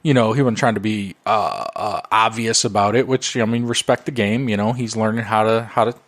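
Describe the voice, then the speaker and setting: A man's voice: lowish voice, steady tone, brisk. A man co-hosting a podcast, telling a rambling story in casual, profane chat. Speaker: podcast co-host.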